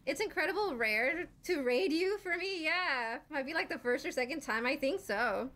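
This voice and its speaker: Excitable high-voiced woman streamer. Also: normal speed. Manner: excitable, swears and screams at enemies. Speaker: game streamer. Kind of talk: live gameplay commentary.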